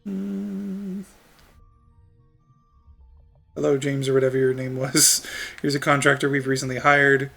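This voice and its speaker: A man's voice: medium pitch, fairly even intonation, moderate pace, gravelly, sharp tone, soft background music. A man streaming a video game, chatting casually and rambling with frequent laughs and fillers. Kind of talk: casual gameplay chat.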